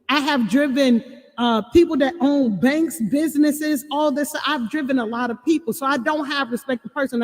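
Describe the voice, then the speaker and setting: Woman host, high voice, emphatic casual chat, frequent laughter, long reverb behind the voice. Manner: lively, emphatic, laughs often, addresses listeners directly. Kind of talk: casual talk to an online audience.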